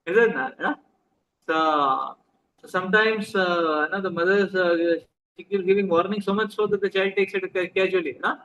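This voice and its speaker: A man's voice: high-pitched, moderate pace, pushed and bright, highs cut off. A man with an Indian accent giving a conversational sermon, often asking his listeners questions and slipping into Hindi. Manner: conversational, asks the audience questions, mixes in Hindi. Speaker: spiritual teacher. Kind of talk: sermon to a live audience.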